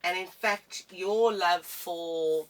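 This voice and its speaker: A woman in her forties with a thick South African accent, co-hosting a casual chat in a lively way. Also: lowish voice, slow, recorded from a distance, low-quality recording. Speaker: co-host.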